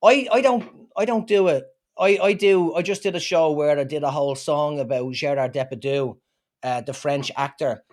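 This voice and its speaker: A man with an Irish accent, a comedian being interviewed, telling stories in a lively, joking way. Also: fairly high pitch, moderate pace. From Ireland. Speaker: guest comedian. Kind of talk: casual chat.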